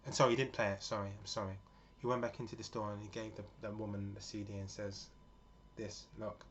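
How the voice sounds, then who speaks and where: Man in his forties, earnest monologue, rambling, lowish voice, lo-fi muffled sound. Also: flat delivery, quick pace. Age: 40s. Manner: rambling, earnest, full of fillers. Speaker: vlogger. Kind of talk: casual spoken monologue. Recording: dull lo-fi with faint noise.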